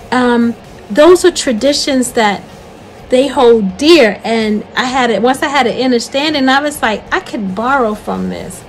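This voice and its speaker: A woman's voice: sits high, a little hiss or hum, low-quality recording. An older woman hosting her own talk, speaking earnestly and repeating her main points in a preacher-like way. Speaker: host. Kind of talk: encouraging spoken talk.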